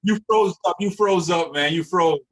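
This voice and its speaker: A man in his sixties, a former baseball player and manager, speaking animatedly in a casual interview and repeating words when excited. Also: high-pitched, normal speed, far from the mic, poor audio.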